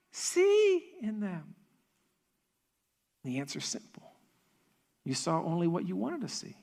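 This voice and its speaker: A man pastor preaching a sermon in a church, animated and repetitive for emphasis, with joking asides. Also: very high-pitched. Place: church stage.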